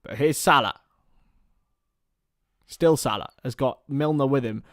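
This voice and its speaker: A young man giving partisan live commentary on a football match for a fan watchalong, chatting casually between the action and getting loud at chances. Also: medium pitch, a little slow, no room sound, studio quality. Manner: partisan, rises to excited shouts at chances.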